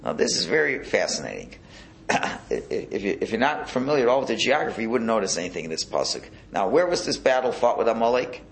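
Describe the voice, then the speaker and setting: A rabbi leads a Torah class with a lively, swooping voice. He talks casually and keeps asking his listeners questions. A faint hum of room ambience sits behind him. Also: lowish voice, a little fast, vocal fry. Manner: animated, conversational, rhetorical questions.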